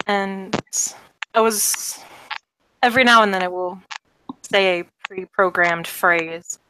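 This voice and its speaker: A woman's voice: mid-range voice, slow, noisy background, natural voice. A woman playing a poised, suited woman who answers in a prim, falsely innocent way. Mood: evasive.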